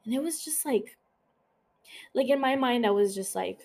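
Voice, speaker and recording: A young woman hosting a podcast, talking quickly and casually with lots of swearing and filler words. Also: on the high side, lively intonation, vocal fry, darkish tone, slight background noise. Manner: fast, profane, lots of "like" fillers. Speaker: podcast host. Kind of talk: casual chat.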